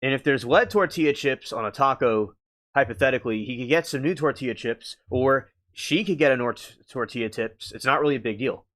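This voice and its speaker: A man's voice: medium pitch, fairly bright tone. Man, stream host, casual chat-reading, hesitant and rambling. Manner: halting and meandering, with many restarts.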